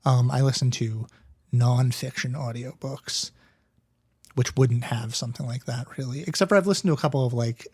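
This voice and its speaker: A man's voice: medium pitch, moderate pace, darkish tone, husky. A man co-hosting a book podcast, talking casually with frequent restarts and the odd swear. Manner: casual, hesitant, lots of fillers and restarts, swears. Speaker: podcast co-host.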